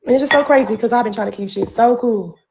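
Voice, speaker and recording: A woman's voice: a little high, fast, a little mellow. A pregnant woman ranting on a livestream from home, profane and confrontational with a drawling delivery.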